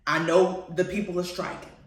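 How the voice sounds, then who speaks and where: A woman hosting a radio show, chatting casually about TV shows in a playful, animated way and laughing often. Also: fairly low pitch, normal speed. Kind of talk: casual chat reviewing TV shows. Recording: very echoey, far from the mic.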